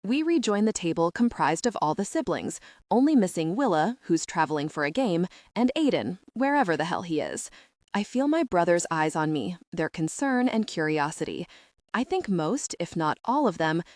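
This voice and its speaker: Female audiobook narrator, first person, reflective, lower pitch, dry studio sound. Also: a little mellow, dry recording.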